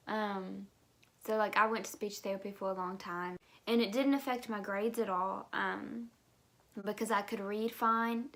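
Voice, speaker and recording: A woman in her twenties from the United States vlogs, chatting candidly to camera with many fillers. She has an articulation disorder that makes her speech sounds unusual. Her mid-range voice is steady in tone, a bit bright, and a little slow.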